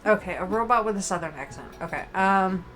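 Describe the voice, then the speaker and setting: A woman's voice: mid-range voice, lively intonation, fairly quick, fairly bright tone, faint music behind. A woman streamer giving playful, chatty commentary while reading a game aloud. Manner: playful, chatty, giggly asides.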